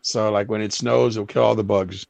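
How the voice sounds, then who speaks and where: A man co-hosting a casual livestream, agreeable and a bit halting as he chats. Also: fairly low pitch, fairly even intonation, vocal fry, darkish tone, no echo. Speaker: co-host.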